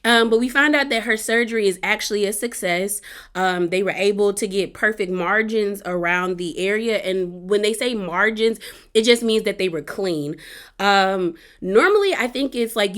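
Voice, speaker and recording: A woman's voice: mid-range voice, fairly bright tone. A woman recapping a reality show in a casual, rambling vlog, with lots of fillers and restarts and heartfelt personal asides.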